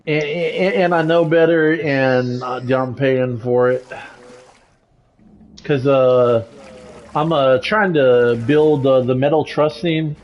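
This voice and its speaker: A man's voice: mid-range voice, steady tone, slow pace, highs cut off. A man chatting casually while building in a video game, hesitant with lots of fillers, swearing at the game when it goes wrong. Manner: frustrated, hesitant, many restarts and fillers. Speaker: streamer playing a building game. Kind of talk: casual chat while gaming.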